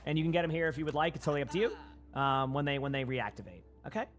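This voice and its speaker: A man's voice: fairly high pitch, steady tone, fast, faint music behind. A young man with a Boston accent giving casual, rambling live-stream commentary while playing and chatting with viewers on a headset mic.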